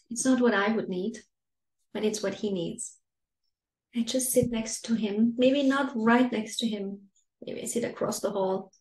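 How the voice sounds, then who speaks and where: A woman parenting coach giving a masterclass talk to parents in a calm, gentle, soothing way. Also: on the high side. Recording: roomy echo.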